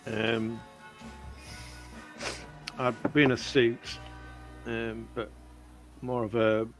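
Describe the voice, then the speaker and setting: A man's voice: medium pitch, level tone, drawn-out words, faint music behind. A man playing a tabletop role-playing game, describing his character hesitantly as he thinks aloud. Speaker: player.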